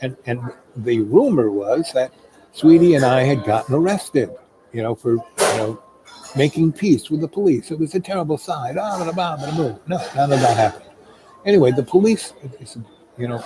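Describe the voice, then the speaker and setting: A man's voice: medium pitch, lively intonation, a little fast, a crowd in the background, poor audio. A man hosting a live chat who tells a rambling personal story in a loose, chatty way full of fillers.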